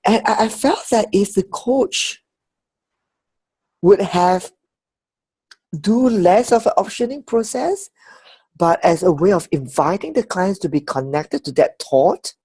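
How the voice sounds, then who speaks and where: A woman facilitating a coaching course, leading a group feedback discussion on a video call in an animated, affirming way. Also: medium pitch, slow pace, long pauses, husky, dry recording. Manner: animated, affirming, laughs often.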